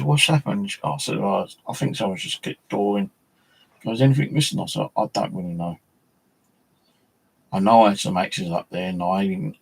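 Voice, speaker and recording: A man's voice: fairly low pitch, gravelly, husky, rough recording. A middle-aged man telling a rambling, foul-mouthed story in casual chat, full of fillers. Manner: rambling, swears a lot, many fillers.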